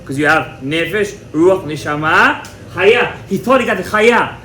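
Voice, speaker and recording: A man teaching a Torah class to a live audience in an animated, emphatic way, mixing in many Hebrew terms. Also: sits high, measured pace, slight background noise. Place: indoor room with a live audience. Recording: echoey room with faint ambience.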